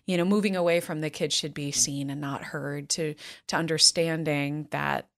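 A woman's voice: sits low, fairly even intonation, moderate pace. A woman hosting a podcast, talking casually and asking the guest reflective questions. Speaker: podcast host. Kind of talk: casual conversational interview.

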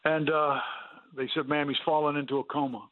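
A man's voice: fairly high pitch, level tone, normal speed, no room sound. A man earnestly telling his personal testimony as a guest in a radio interview, with fillers and restarts. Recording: dry, phone-like radio line.

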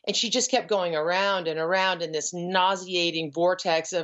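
A middle-aged woman giving an earnest, emotional personal testimony as a guest, pausing and restarting as she tells her story. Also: on the low side, fairly even intonation, a bit bright. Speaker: guest, ranch founder. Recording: dull lo-fi audio.

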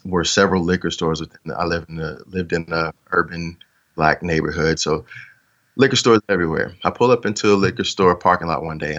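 A man's voice: low-pitched, a bit bright, dull audio. A man interviewed as a podcast guest, telling a story in an earnest, reflective way with trailing restarts.

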